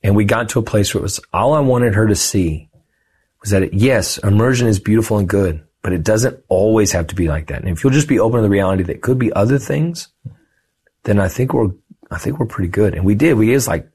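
A man in his thirties, a guest on a podcast, telling a personal story in a lively, conversational way and acting out the voices of the people in it. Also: lowish voice, fast talker, husky. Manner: animated, lively storyteller who acts out quoted dialogue.

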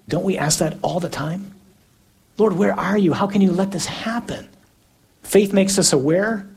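A man preaching a sermon in an earnest, emphatic way, with slow, deliberate pauses between phrases. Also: fairly high pitch, a little mellow, breathy edge.

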